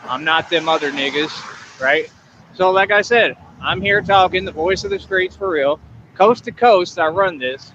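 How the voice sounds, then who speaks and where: A high, bright-voiced man brags and rambles to his viewers on a live stream. The sound is dull and lo-fi, with faint street noise behind him. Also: measured pace. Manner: swaggering, rambling. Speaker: livestreamer. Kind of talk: boastful live-stream chat.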